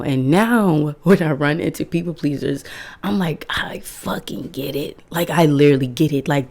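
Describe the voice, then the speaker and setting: A woman's voice: low voice, darkish tone. A woman in her twenties talking casually and candidly to her viewers, emphatic and swearing freely. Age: 20s. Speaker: vlogger. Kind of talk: casual self-help talk to camera.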